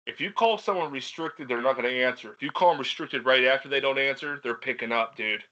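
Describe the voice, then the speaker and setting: A young man co-hosting a podcast tells rambling, profane stories and laughs at himself in a casual storytelling chat. His voice is medium-pitched, fast and sharp, and the recording sounds muffled.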